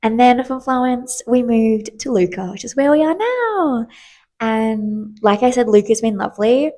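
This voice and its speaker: A woman's voice: on the high side, lively intonation, a little slow, dark tone. A woman in her twenties hosting a podcast, talking candidly and chattily with lots of fillers and casual swearing. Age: 20s. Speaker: podcast host. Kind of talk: casual solo podcast chat.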